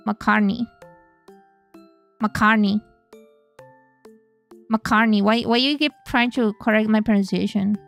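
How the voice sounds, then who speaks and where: A woman's voice: medium pitch, fairly even intonation, slow, vocal fry, long pauses, fairly bright tone, faint music behind. A woman streamer who speaks natively, chatting casually and playfully on a live stream, swearing freely as she goes.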